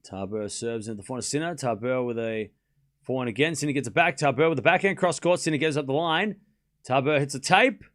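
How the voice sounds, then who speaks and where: A man hosting a live tennis watchalong stream, calling each rally shot by shot and chatting with his viewers in an excitable way. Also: medium pitch, fast talker. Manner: excitable, calls rallies shot by shot and talks to chat. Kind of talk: live play-by-play commentary and chat.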